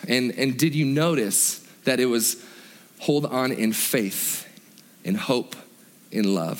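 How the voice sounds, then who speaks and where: A man's voice: medium pitch, long reverb tail. A man preaching a sermon in a church, earnest and emphatic, repeating key phrases with many fillers and restarts. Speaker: pastor.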